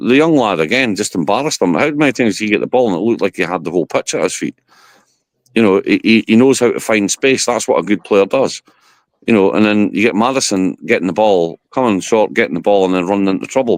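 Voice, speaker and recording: A man's voice: sits low, no echo. A man, a guest on a football podcast, giving blunt, rambling opinions in casual chat.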